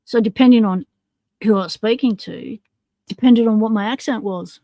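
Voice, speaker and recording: A woman's voice: fairly high pitch, moderate pace, warm tone, no echo. A woman hosting a casual livestream, chatting in a rambling way and laughing often. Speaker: livestream host.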